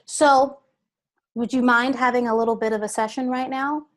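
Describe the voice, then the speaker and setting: Woman voice coach, a bit high, patient and deliberate, guest on an interview. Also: steady tone. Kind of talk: instructive interview talk.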